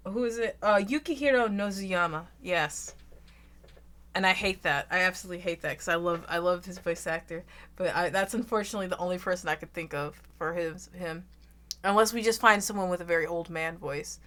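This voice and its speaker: A young woman with an American Southern accent, chatting loudly and casually with her stream audience, rambling and swearing freely. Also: fairly quick. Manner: loud, rambling, swears freely, bursts into shrill laughs. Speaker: VTuber streamer.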